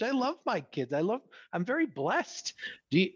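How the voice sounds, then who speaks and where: A man from New York, earnest and emphatic, talking like he is half preaching. His voice is a bit husky and sits fairly high, and it swings up and down a lot. The sound is dull and lo-fi. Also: sing-song, normal speed. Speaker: guest. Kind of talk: casual podcast conversation.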